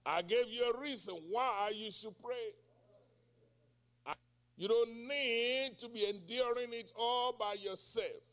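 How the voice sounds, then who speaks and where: A man in his sixties preaches a sermon in a very high, fairly bright voice, moving slowly. He poses call-and-response questions to the congregation and cries out in prayer.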